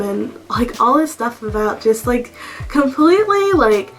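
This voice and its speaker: A woman's voice: fairly high pitch, big pitch swings, measured pace, soft background music. A woman vlogger telling a storytime story in a blunt, exasperated way, full of "like". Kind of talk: storytime vlog.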